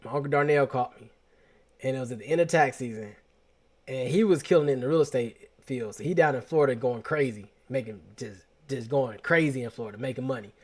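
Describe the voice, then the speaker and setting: A man host telling a personal story in a casual, slangy, animated way, often restarting his sentences. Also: mid-range voice, a little fast.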